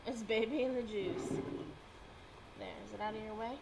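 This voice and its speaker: A woman's voice: on the high side, moderate pace, gravelly. A woman, playing grandmother to a toddler at home, coaxes her to repeat words in a sing-song way and laughs often. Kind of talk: playful talk to a small child. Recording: home video with background noise.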